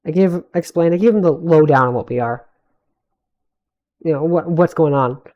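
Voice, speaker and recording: A man's voice: on the high side, normal speed, lo-fi sound. A young man reading his own fantasy story aloud on a live stream, stumbling over words and correcting himself as he goes. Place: home streaming setup.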